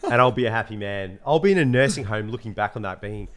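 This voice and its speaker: A man's voice: on the low side, lively intonation, quick pace, fairly bright tone. A man co-hosting a podcast, chatting casually, laughing often and full of slang. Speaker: podcast co-host. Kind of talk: casual chat.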